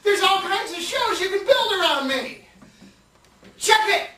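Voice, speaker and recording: Manic, giggly man pitching a sitcom. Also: lively intonation, measured pace, bright, forceful tone, roomy sound, far from the mic. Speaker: comedian. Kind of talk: one-man comedy show.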